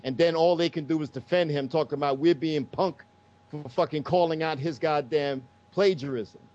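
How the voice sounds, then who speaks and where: A man's voice: fairly high pitch, normal speed, darkish tone. A man giving a heated, profane political rant as the host of a talk show, speaking with emphatic force. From United States. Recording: dull lo-fi sound.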